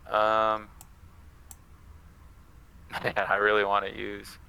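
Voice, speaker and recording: A man's voice: on the low side, completely flat delivery, takes it slowly, vocal fry, bright, forceful tone, a little hiss or hum, low-quality recording. A man playing a card game opponent, easygoing, reading card text aloud and musing over his choices. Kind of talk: casual gameplay chat.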